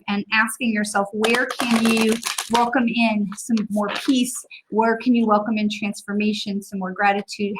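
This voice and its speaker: Upbeat chatty woman, fairly high voice. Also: rough recording. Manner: warm, encouraging, chatty with filler pauses. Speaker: psychic medium. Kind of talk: casual live stream talk and Q&A.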